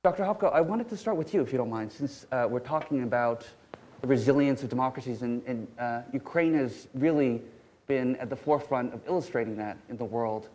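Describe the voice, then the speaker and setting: A man moderating a conference panel, speaking haltingly with many fillers as he introduces guests and asks questions. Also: medium pitch, darkish tone.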